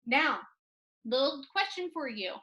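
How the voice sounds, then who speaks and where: Woman music teacher, high bright voice, slow and clear, sings bits for kids to copy. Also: very animated, poor audio. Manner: sings phrases and coaches the listener to repeat; slow, clear, encouraging delivery. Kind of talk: online music lesson for children.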